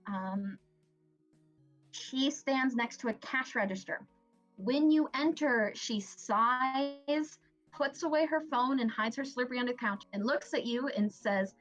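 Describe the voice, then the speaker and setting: A woman narrating a tabletop game as game master. She laughs often and keeps a relaxed pace. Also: a little high, measured pace. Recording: dull lo-fi, faint music.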